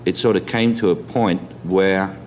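A man with a Cockney accent, reflecting in an interview and pausing with many ums. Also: sits low, fairly even intonation, darkish tone, a little hiss or hum. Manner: hesitant, many ums and restarts. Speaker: interview guest.

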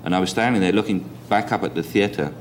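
An older man with a softened Cockney London accent, telling anecdotes in a chatty, repetitive interview style. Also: low voice, fast talker, slight background noise. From East End of London. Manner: chatty storyteller, chuckles, repeats himself. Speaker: interviewee actor.

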